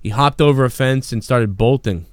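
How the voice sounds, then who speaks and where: A man tells a long story on his podcast, swearing often and getting more and more excited as he goes. His voice is smooth and clear, recorded close and dry with no room echo. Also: mid-range voice, moderate pace. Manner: profane, rambling, excitable storyteller. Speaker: podcast host. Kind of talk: casual storytelling.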